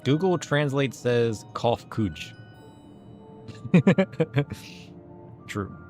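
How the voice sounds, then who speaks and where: A man's voice: mid-range voice, animated, drawn-out words, darkish tone, soft background music. A man streaming a game, joking and amused as he comments on it. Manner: joking, amused, mock-puzzled. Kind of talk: playful live game commentary.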